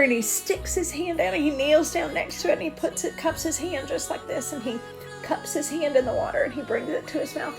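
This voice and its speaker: A woman's voice: sits high, darkish tone. A woman singer-songwriter giving a personal testimony in an earnest, vivid storytelling manner.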